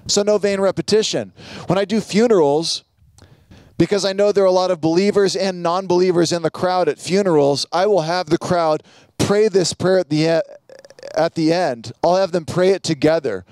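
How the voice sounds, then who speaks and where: High-voiced earnest male pastor preaching. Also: a little mellow, no echo. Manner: earnest teaching with dramatic quotes and pauses. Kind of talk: sermon.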